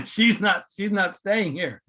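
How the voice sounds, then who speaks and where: A man with a slightly high voice hosts a spiritual podcast in loose, casual talk. He rambles and circles back, full of fillers and restarts. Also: expressive, slow, pushed and bright. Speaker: podcast host.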